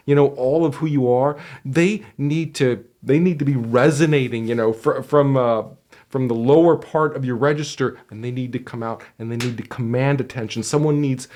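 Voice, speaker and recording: A man's voice: mid-range voice, moderate pace. Emphatic male career coach. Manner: conversational, emphatic, with frequent fillers. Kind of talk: direct-to-camera advice video.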